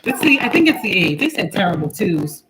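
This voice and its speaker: A woman's voice: fairly low pitch, sing-song, brisk. Young woman, spiritual reader, casual livestream chat, laughing, noisy home recording. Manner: chatty, laughing, talks to her kids between points. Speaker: spiritual reader and channel host.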